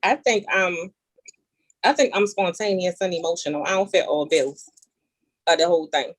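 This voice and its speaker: A woman hosting a casual talk show, animated and playful, reading definitions aloud and teasing her guests. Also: fairly low pitch, normal speed, no echo. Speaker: show host. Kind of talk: casual chat.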